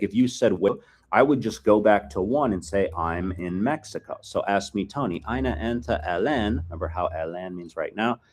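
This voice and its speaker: A man with a fairly low voice teaches a filmed language lesson. He talks in a relaxed, chatty way and repeats short phrases so learners can drill them.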